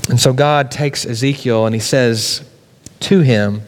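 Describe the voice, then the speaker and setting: A man's voice: mid-range voice, measured pace, big-room sound. A man preaching a sermon, building with repeated questions and rising emphasis. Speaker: pastor.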